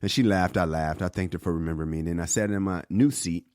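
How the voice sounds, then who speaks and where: A man co-hosting a podcast, telling stories in a casual, animated way and acting out the voices of the people in them. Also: low-pitched, fast, smooth, no echo, clean studio sound. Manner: animated storyteller, acts out voices. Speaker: podcast co-host and comedian. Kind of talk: casual storytelling chat.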